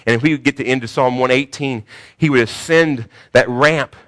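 A man preaching a sermon, swinging from hushed, slow phrases to loud cries, sometimes repeating words as he searches for the next one. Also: mid-range voice. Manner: emphatic, repeats words while searching for them. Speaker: pastor.

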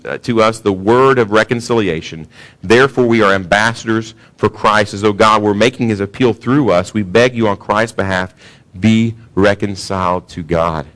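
A man preaching in a relaxed, conversational manner, with a voice on the low side. He keeps turning to the congregation with questions, as if talking with them rather than at them. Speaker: pastor. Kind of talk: sermon. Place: church sanctuary.

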